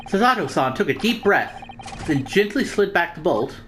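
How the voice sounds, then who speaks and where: A woman's voice: lowish voice, sing-song, normal speed, fairly bright tone, a little hiss or hum. A woman reading game dialogue and commenting casually, self-mocking and hesitant. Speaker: gaming streamer.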